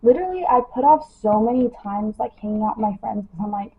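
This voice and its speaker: A woman's voice: mid-range voice, lively intonation, fast, hardly any pauses, husky. Chatty young woman on a lo-fi livestream. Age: young adult. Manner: chatty, lots of "like" and "you know". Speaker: model livestreaming her skincare routine. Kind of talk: casual livestream chat. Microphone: phone.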